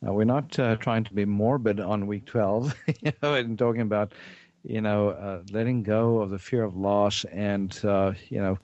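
A male radio host with a lowish voice talks in a halting, easygoing way, full of "uh" and "you know." The sound is close and dry, with no room around it. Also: a little mellow, no room sound. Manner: halting, many fillers and restarts. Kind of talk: casual radio talk.

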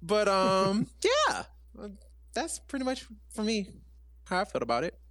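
A woman in a casual podcast chat, talking hesitantly with many pauses and ums. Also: mid-range voice, big pitch swings, a bit bright, no echo, clean studio sound.

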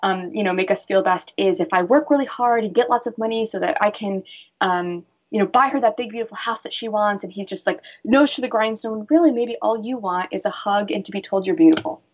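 A woman's voice: medium pitch, a little fast. A woman guest expert on a radio show, talking earnestly and acting out the voices she quotes. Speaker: guest expert, bra fitter. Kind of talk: casual radio interview. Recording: dull lo-fi sound.

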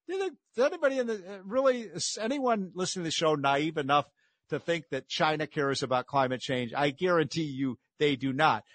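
A man with a fairly high voice delivers a combative political monologue as a talk show host, mocking his targets and chuckling between points. The sound is dry and close, with no room around it. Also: a bit bright, no room sound.

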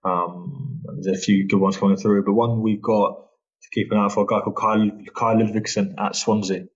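A man's voice: on the low side, little pitch movement, brisk, husky, dull audio. A man, a football agent guest, talking casually and hesitantly with many restarts. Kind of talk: casual interview chat.

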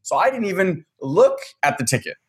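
A man's voice: high voice, fairly quick. A man telling a story in casual chat, acting out the dialogue and swearing casually. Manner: animated, acts out quoted dialogue, swears casually.

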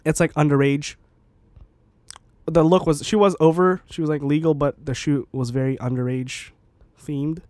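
Young male podcast co-host, relaxed drawl, a little high-pitched, dry room. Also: normal speed, no echo. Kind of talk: casual chat.

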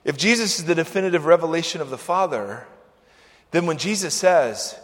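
Animated, high-voiced male pastor preaching. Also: moderate pace. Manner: animated and conversational, with sudden swings between loud and soft. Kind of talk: sermon. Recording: long church-hall reverb.

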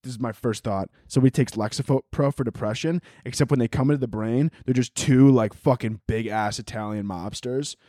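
A man's voice: medium pitch, brisk, hardly any pauses, dark tone, dry recording, studio quality. A man hosting a podcast, telling a rambling, profane comic story. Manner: rambling, profane, laughing often. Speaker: podcast host. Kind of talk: casual comedic storytelling.

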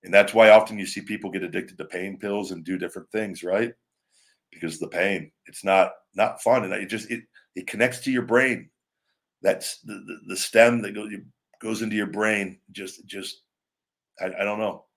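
A man's voice: lowish voice, steady tone, normal speed, creaky, a bit bright. Middle-aged man rambling on his live show. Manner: rambling, frequent restarts, addresses viewers as brother and man; playful teasing. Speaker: show host. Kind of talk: live-stream chat answering viewers.

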